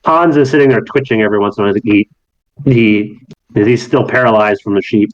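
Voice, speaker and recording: A man's voice: fairly low pitch, fairly quick. A man narrating as game master, loose and chatty, with plenty of fillers, on slightly muffled audio.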